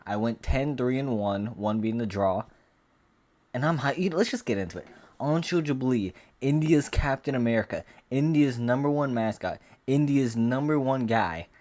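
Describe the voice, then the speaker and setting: A man's voice: mid-range voice, animated, normal speed, a little mellow. A man giving a casual fight recap rant as an MMA commentator, profane, boastful and rambling.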